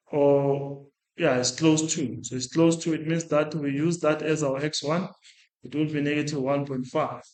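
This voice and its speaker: A man's voice: on the high side, darkish tone. Male maths lecturer in an echoey room. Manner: talks through working aloud, restarts and self-corrects. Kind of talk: step-by-step maths lesson.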